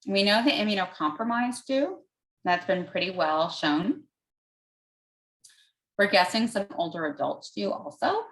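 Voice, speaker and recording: A woman's voice: mid-range voice, expressive, unhurried, long pauses, fairly bright tone, low-quality recording. A woman physician answering audience questions, explaining step by step in plain words with everyday comparisons and an occasional "um" as she thinks aloud.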